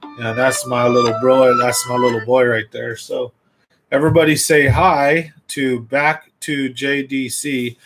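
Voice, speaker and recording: A man's voice: medium pitch, little pitch movement, measured pace, music in the background, low-quality recording. A man hosting a fishing livestream in a casual, rambling way, chatting straight to his viewers.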